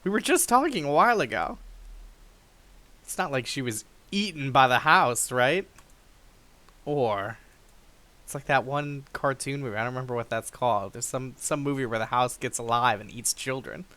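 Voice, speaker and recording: A man's voice: medium pitch, moderate pace. A young man hosting a game playthrough, reading the story aloud with dramatic flair and chuckling along. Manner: lively, chuckling, reads narration dramatically. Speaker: let's play host.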